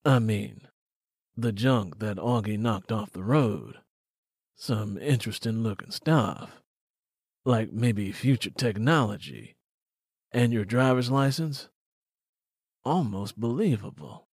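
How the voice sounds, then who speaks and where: Casting: a man doing a gruff, slow-spoken small-town cop, suspicious, pressing hard, dry close sound. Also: fairly low pitch, animated, darkish tone, no echo, exaggerated voice. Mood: probing. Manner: slow, deliberate, blunt questioning. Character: stern small-town male police officer, skeptical. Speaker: police officer. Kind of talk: audiobook character voice.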